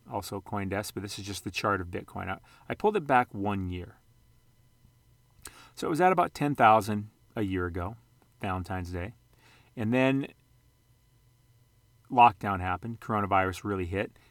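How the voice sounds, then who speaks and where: Rambling through charts on a screen share, this fairly low-voiced man, who vlogs about sports cards and investing, keeps correcting himself and cracking jokes. The audio is close and dry, without any room echo.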